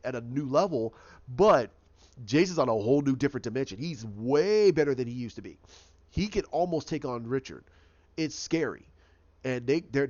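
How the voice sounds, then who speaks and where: Dude rambling thru a tv recap, repeats stuff a lot, kinda dull lo-fi audio. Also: male voice, mid-range voice, darkish tone. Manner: rambling, repeats himself, frequent restarts. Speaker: show recap host. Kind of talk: casual episode recap.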